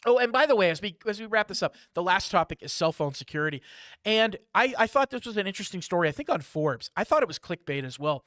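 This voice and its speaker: A man with a fairly high voice hosts a live security news briefing. He talks in a lively, chatty way, dropping asides and jokes between items. The sound is dry and close, with no room around it. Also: fast talker, dry recording.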